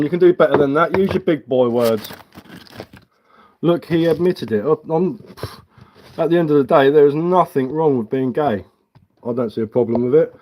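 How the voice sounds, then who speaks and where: A man's voice: a little high, muffled recording. A man, reading chat aloud on a live stream while carving, blunt and mocking. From England.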